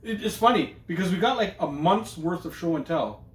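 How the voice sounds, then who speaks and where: A man's voice: sits high, animated, fairly quick, distant mic. Guy cohosting a podcast, swears a lot, just riffing, sounds kinda echoey. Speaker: podcast co-host. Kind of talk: casual chat. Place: room streamed live.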